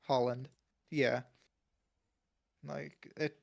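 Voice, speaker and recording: Gravelly young man in casual podcast chat. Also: mid-range voice, level tone, measured pace. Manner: laughs often, filler-heavy, rambling. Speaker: podcast co-host.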